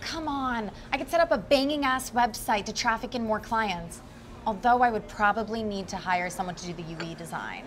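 A young woman playing an impulsive, excitable young woman who becomes a hitman's partner, talking in rambling, needling bursts. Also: mid-range voice, a little fast, slight background noise, close to an everyday voice. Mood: coaxing, playful. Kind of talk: web series drama acting.

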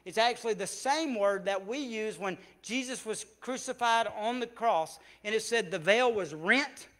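A man preaching a sermon as pastor with a Southern US accent, swinging from loud emphatic passages to hushed ones. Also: sits high, normal speed. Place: church sanctuary.

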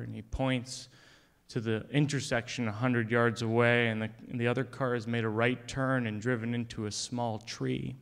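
Smooth-voiced deadpan male storyteller. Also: mid-range voice, normal speed. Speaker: comedian. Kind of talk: stand-up storytelling.

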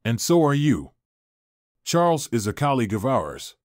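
A man's voice: medium pitch, sing-song, normal speed, no room sound, clean studio sound, lightly acted. A man voicing a defiant estranged young wife. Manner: heated, exasperated, pleading. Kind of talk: audiobook character reading.

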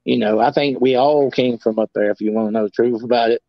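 A man's voice: mid-range voice, fairly even intonation, fast, no room sound, lo-fi sound. A man telling his own stories as a guest, rambling with many restarts. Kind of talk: casual storytelling.

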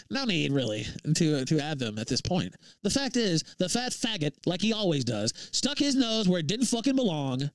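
A man with a high, swooping voice rants on a livestream. He curses heavily and gets worked up, with dry, close sound and no room around him. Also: no echo. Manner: profane, heated, laughs between lines. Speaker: livestream host. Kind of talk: angry livestream rant.

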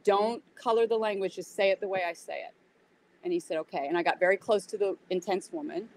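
A woman guest in an interview, telling a story in a casual, animated way and acting out what people said. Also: medium pitch, fairly quick, rough recording. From United States. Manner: animated retelling with acted-out quotes. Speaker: interview guest, yoga teacher.

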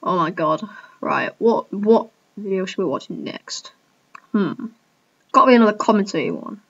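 A woman's voice: mid-range voice, animated, normal speed, gravelly, a bit bright, highs cut off. A woman giving casual reaction commentary as a gaming YouTuber, who keeps exclaiming, cringing and laughing at herself.

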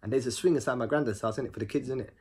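A man telling a personal story in a casual monologue. He talks in an animated way, full of slang, and repeats words for rhythm. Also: mid-range voice, racing, breathy edge.

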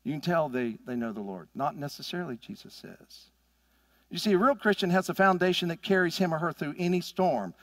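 A middle-aged man preaching a sermon as pastor, swinging from loud emphatic peaks to quiet asides. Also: a little high, expressive, fast talker, hardly any pauses, no room sound, studio quality. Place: church sanctuary.

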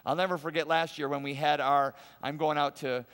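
A man's voice: fairly high pitch, steady tone, a little fast, a bit bright. A man preaching a sermon as pastor, telling stories in a conversational way and driving points home by repeating phrases, recorded in a large church auditorium. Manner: conversational storytelling, emphatic repetition. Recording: long hall reverb.

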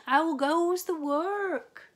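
A woman voicing a lazy old male farmer in a storybook, calling out from his bed in a slow, drawn-out, loud voice. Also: very high voice, voice pushed up, heavily acted.

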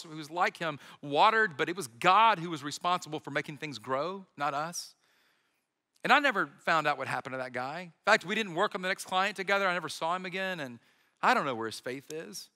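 Bright-voiced man preaching in a hall. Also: high-pitched. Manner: conversational storytelling with humor and quoted dialogue. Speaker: pastor. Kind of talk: sermon.

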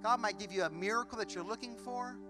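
High-voiced impassioned man preaching. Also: fast talker, music in the background. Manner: impassioned, rising and falling, acts out prayers aloud. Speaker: pastor. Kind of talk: sermon. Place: church sanctuary.

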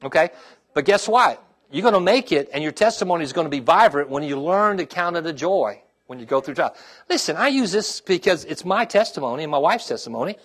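A middle-aged male pastor preaching a sermon, checking in with the congregation with "okay?" and "amen?" and dropping to a quiet, heartfelt tone when he talks about his own trials. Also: a little high, expressive, a little fast.

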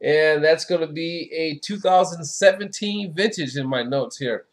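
A man's voice: a little high, measured pace. Chatty man reviewing wine. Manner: chatty, enthusiastic, lots of "you know". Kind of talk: casual wine tasting review.

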